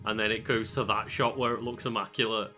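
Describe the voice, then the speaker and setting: Man, co-host, laid-back and bright-toned, slightly low, faint music behind. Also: fairly even intonation, a little fast. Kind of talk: casual gaming chat.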